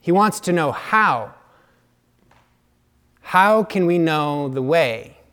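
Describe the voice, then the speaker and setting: A man preaching a sermon in a slow, reflective way, dropping now and then to hushed asides. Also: on the high side, animated, smooth.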